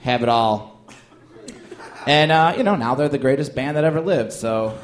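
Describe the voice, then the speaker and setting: A man's voice: fairly high pitch, expressive, fairly quick. A male comedian doing loose, joking banter with plenty of fillers and laughter. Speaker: stand-up comedian, guest. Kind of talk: comic banter and stand-up bit.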